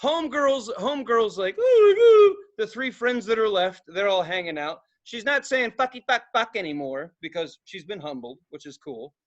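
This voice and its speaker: A young man co-hosting a podcast, telling stories in a casual, profane, animated way, acting out loud outbursts and laughing along. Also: high-pitched, moderate pace, hardly any pauses, muffled recording. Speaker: podcast co-host. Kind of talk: casual storytelling chat.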